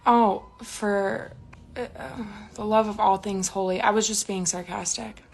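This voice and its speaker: A woman's voice: mid-range voice, fairly even intonation, measured pace, vocal fry, darkish tone, soft background music. Woman, home livestream, casual chat, sarcastic, swears a lot.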